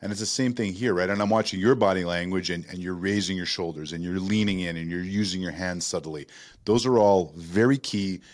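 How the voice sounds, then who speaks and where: A man's voice: sits low, fairly quick. A man hosting a casual podcast conversation, telling stories in an enthusiastic way.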